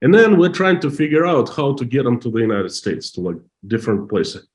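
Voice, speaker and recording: A very animated, middle-aged Russian man with a Russian accent and a mid-range voice tells a story casually. His English is halting and emotional, full of restarts.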